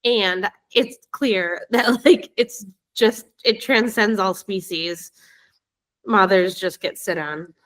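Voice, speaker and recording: A woman's voice: medium pitch, slow, a bit bright. A woman co-hosting a podcast in casual chat, talkative, laughing easily and swearing now and then. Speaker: podcast co-host.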